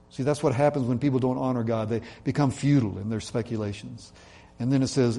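A man preaching a sermon in an earnest way, slowing down and dropping his voice to stress key points. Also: medium pitch, steady tone, mellow. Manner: earnest, slows and drops his voice for emphasis. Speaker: pastor.

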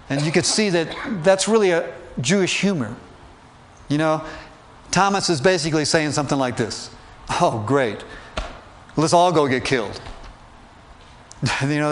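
A man preaching in a conversational sermon style, asking his listeners questions and joking lightly. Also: a little high. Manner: chatty, asks the listeners questions, light humor.

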